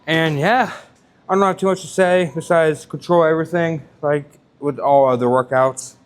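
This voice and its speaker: A man's voice: a little high, steady tone, moderate pace, slight background noise. Winded young man vlogging his workout. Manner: rambling, casual, filler-heavy. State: out of breath. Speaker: fitness vlogger. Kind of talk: casual vlog narration. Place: gym, then in a car.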